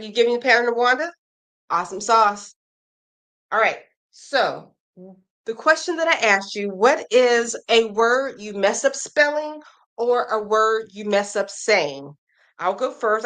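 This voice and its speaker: A woman's voice: medium pitch, fairly bright tone. A woman hosting a casual crochet live stream, chatting with viewers, reading their comments aloud and reacting, and running through pattern blurbs in an upbeat tone.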